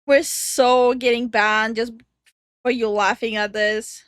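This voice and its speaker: A woman's voice: fairly high pitch, fairly even intonation, slow pace, fairly bright tone, no echo. A woman co-hosting a react video, making incredulous, dry remarks. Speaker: YouTube react co-host. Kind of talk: casual react commentary.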